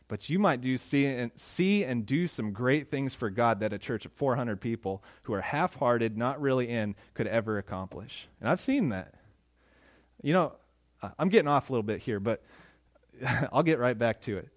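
A man preaching a sermon in a conversational, animated way, acting out quotes. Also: medium pitch, no echo, clean studio sound. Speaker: pastor.

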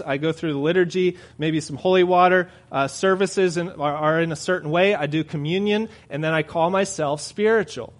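Man preaching a casual sermon. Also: on the high side. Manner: conversational, with fillers and restarts.

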